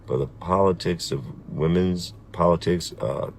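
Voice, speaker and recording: A middle-aged man speaking in a measured, deliberate, firm way in a personal video message. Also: low voice, a little mellow, slight background noise. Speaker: vlogger.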